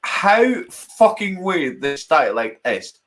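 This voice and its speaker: A man who talks and sings at an unhurried, drawn-out pace, restarting his song when the lyrics slip away. His own plucked guitar rings clearly behind his voice throughout this casual online hangout. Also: a little high, very animated, a bit bright. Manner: halting, keeps restarting after forgetting lyrics. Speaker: guest singing a folk song. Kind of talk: casual chat and sung dialect song with guitar.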